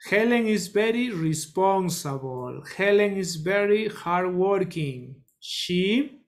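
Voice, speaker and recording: A teacher leads a children's English lesson in a classroom. The pace is unhurried and deliberate, with key phrases drilled again and again. Students are called on one by one to answer. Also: medium pitch, expressive. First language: Spanish. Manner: slow, repetitive drilling, calls on students.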